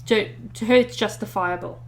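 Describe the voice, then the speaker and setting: A woman of middle pitch co-hosts a podcast and recounts a story in relaxed, chatty fashion. She fills gaps with ums and corrects herself mid-sentence as she goes. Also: normal speed, vocal fry. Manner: chatty retelling with many fillers and self-corrections. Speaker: podcast co-host. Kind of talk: casual storytelling chat.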